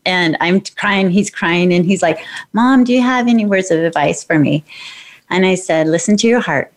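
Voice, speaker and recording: A woman's voice: on the low side, moderate pace. A middle-aged woman hosting a radio talk show, upbeat and affirming in a spiritual, encouraging way. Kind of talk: casual interview chat.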